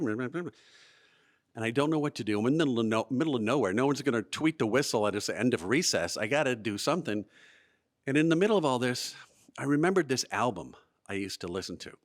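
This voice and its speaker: A man tells a funny childhood story to a live audience in a museum event space. His voice swings widely in pitch as he builds to punchlines and sinks for the gloomy beats. The delivery is animated and well timed, the way a practiced storyteller works a room. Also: brisk. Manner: animated, lively delivery with comic timing.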